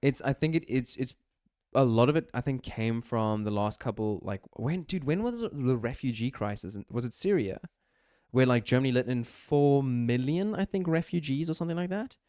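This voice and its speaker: Blunt, opinionated man with a smooth voice. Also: mid-range voice, lively intonation, moderate pace, darkish tone, no room sound, clean studio sound. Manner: blunt, opinionated, swears casually. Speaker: podcast co-host. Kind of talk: casual chat.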